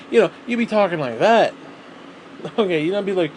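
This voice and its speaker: A man's voice: high voice, animated, fast talker, a little mellow, slight background noise. A man ranting alone in a vlog, rambling and exasperated, swearing constantly. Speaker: vlogger. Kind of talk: solo rant to camera.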